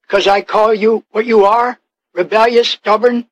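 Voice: medium pitch, fairly even intonation, moderate pace, highs cut off. A preacher delivering a fiery, confrontational sermon, firing rhetorical questions at the listeners and drawing out key words for weight. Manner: drawls out key words, acts out scripture quotes.

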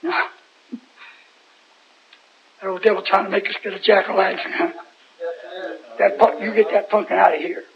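Very high-voiced folksy preacher man. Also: steady tone, fast talker, creaky, crowd noise. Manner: folksy, rambling, asks the congregation questions. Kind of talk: informal Bible sermon. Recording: dull lo-fi recording.

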